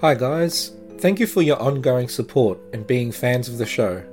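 A man hosting a podcast, narrating true creepy stories in a measured, dramatic way with slow pauses. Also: medium pitch, lively intonation, a little mellow, soft background music. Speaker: podcast host.

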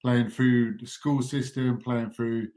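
Relaxed Englishman, mid-pitched voice, modest podcast guest. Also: slow pace. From England. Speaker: interview guest. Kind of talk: casual interview answers.

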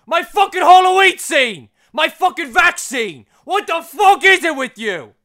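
A man impersonating a furious male movie star who shouts, swears and repeats himself over and over. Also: very high-pitched, big pitch swings, unhurried, voice pushed up, exaggerated voice. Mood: furious shouting.

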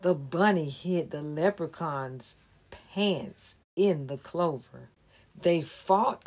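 A woman reads a children's story aloud at a very slow, deliberate pace, her voice sitting a little low. She also explains holiday symbols in a careful presenter's manner. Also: darkish tone.

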